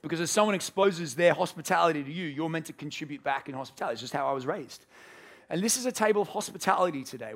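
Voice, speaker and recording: A man's voice: on the high side, creaky. A man preaching a sermon to a church congregation, earnest, acting out the characters in his story. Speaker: pastor.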